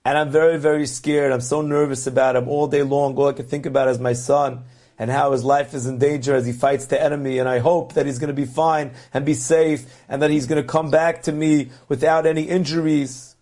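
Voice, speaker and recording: A man's voice: a little high, level tone, a little fast, darkish tone, voice pushed down, close to an everyday voice. A man voicing a frightened old mother who pleads anxiously for her son in a told story.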